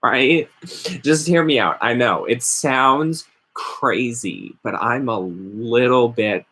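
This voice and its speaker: A man's voice: mid-range voice, slow, bright, forceful tone, slightly rough. A man hosting a casual, rambling chat while stoned, often mock-quoting other people. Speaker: host.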